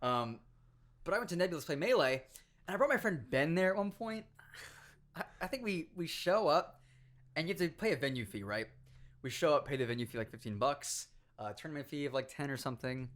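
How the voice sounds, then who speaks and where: Animated young man telling gaming stories. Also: fairly high pitch, fairly quick. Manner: animated storyteller, acts out other people's lines, swears freely. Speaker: podcast guest, former pro gamer. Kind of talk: casual podcast chat.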